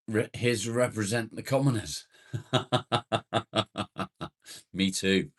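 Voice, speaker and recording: A man hosts a casual livestream, greeting viewers by name and joking around as he reads their comments aloud. His pitch is fairly low, and he speaks slowly with long pauses.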